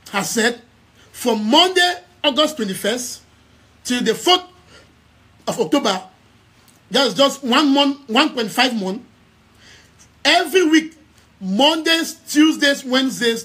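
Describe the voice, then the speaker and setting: Extremely high-pitched and animated, this man speaks slowly with long pauses, his tone bright, forceful and slightly rough. He's a young Southern Cameroonian activist and news outlet head with a Cameroonian English accent, addressing followers on a live stream, emphatically repeating key phrases and often stammering and restarting.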